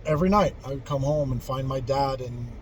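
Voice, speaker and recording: A man's voice: mid-range voice, brisk, a little hiss or hum, rough recording. A man in his forties casually telling a story from his youth, rambling and candid, with frequent swearing and restarts. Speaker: vlogger telling life stories.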